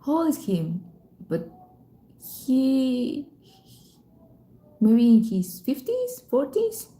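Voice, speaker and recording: A woman's voice: sits high, very animated, very slow, warm tone, echoey room. A woman hosting a live stream, chatting casually and reading out viewer comments, often giggling and apologizing for rambling. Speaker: channel host answering live chat.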